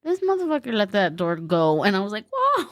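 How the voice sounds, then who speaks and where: A woman's voice: medium pitch, very animated, quick pace, no room sound, clean studio sound. Woman telling blunt anecdotes. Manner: candid, profane anecdotes. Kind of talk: casual podcast chat.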